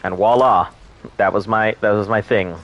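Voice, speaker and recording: A man's voice: on the low side, fairly even intonation, normal speed, highs cut off. A man streaming a survival game, chatting in a rambling, crude, joking way. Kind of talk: casual gameplay commentary.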